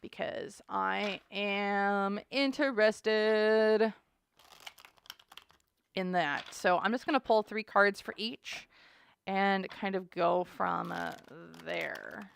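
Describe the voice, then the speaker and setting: A woman's voice: medium pitch, very slow, creaky, a little hiss or hum. A woman hosting a casual tarot reading, chatty and dramatic, thinking aloud as she goes. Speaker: tarot reader host.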